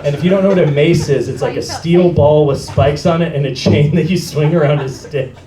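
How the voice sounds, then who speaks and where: A man's voice: on the high side, fairly quick, dark tone. A man hosting a live storytelling night and telling a story on stage, laughing often as he goes. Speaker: event host and storyteller. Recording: echoey room, noisy live venue.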